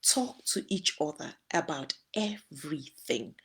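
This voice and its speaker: A woman's voice: low-pitched, animated, measured pace, a bit bright, breathy edge. A woman from Nigeria giving earnest, advising talk on friendship in marriage, using homely examples. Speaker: host. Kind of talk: relationship talk to listeners.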